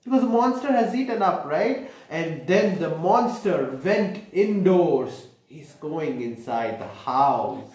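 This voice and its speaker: A man's voice: fairly high pitch, animated, slow, few pauses, a little mellow. A man reading a picture book aloud to children, explaining each page and asking them questions. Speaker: storyteller. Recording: echoey room.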